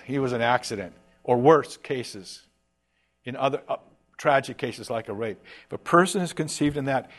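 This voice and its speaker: A male preacher talking to a congregation in a loose, conversational way. He tosses in slang and briefly acts out the lines of the people he quotes, with a middle-pitched voice. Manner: casual and animated, slangy asides like "dude"; voices imagined speakers in quick asides. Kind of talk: sermon.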